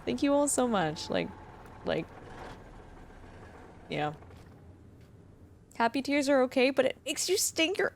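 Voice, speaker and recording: A woman's voice: fairly high pitch, slight background noise. A young adult woman streaming live, chatting with her viewers, emotional and close to tears, laughing often. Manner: emotional, gushing, laughs a lot, near tears. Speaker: livestreamer. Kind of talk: casual livestream chat reading to viewers.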